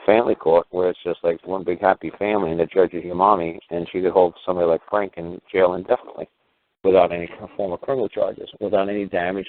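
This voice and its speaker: Deep-voiced man on a tinny phone line. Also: no echo. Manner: rambling, repeats "you know", restarts often. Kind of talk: rambling phone-in monologue.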